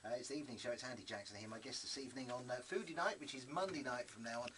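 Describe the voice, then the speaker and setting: A man hosting a radio programme from the studio, talking quickly and eagerly, stumbling over fillers as he goes. His voice sits at an ordinary middle pitch. A clear hiss of noise runs under the recording. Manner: chatty and enthusiastic, full of uh fillers. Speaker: radio show host. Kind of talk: casual studio chat. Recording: noisy broadcast recording.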